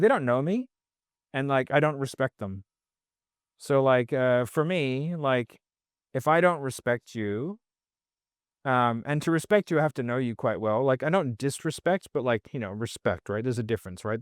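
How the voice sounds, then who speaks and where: A man's voice: medium pitch, moderate pace, no echo, studio quality. Blunt, rambling man on a podcast. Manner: rambling, blunt and profane, heavy use of "like". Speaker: sales trainer guest. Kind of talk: casual podcast conversation.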